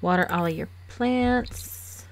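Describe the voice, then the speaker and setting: A woman hosting a game let's play, chatting casually with quick laughs and sarcastic asides, recorded on a desk microphone at home. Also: on the low side. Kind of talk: casual gameplay commentary.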